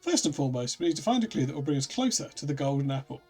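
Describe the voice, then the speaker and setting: A man's voice: a little high, big pitch swings, very fast, a little mellow, slightly rough, faint music behind, heavily acted. A man voicing Professor Layton, composed and courteous. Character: calm, polite gentleman professor, middle-aged man. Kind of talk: reading game dialogue aloud.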